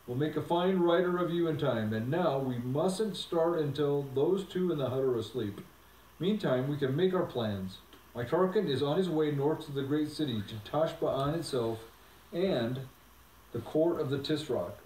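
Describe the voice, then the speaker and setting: A man voicing a proud, bossy male talking war horse in a storybook reading, speaking in a brisk, lecturing and scornful way. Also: on the high side, expressive, a little mellow, slight background noise, lightly acted. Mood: planning. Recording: roomy sound from a distant mic.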